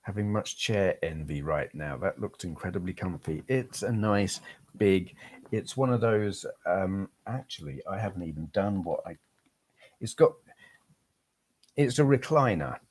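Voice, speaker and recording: An English man with a very low voice talks loosely on a live stream. He rambles, answers viewer comments and drifts between topics in a relaxed, chatty way. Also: a little slow, husky. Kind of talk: casual live-stream chat.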